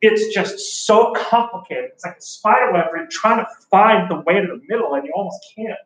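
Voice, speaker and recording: An enthusiastic male history teacher with a fairly high voice talks his class through a lesson in a loose, joking way, with plenty of fillers. He sounds set back from the mic. The room around him is noticeably echoey. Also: fast talker, a bit bright, far from the mic. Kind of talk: casual classroom lecture.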